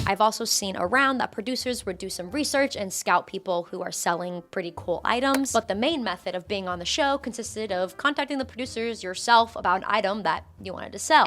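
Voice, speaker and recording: A woman's voice: mid-range voice, fairly bright tone. A young woman giving a casual, scripted commentary as a YouTuber, sarcastic, with swearing and laughs between lines.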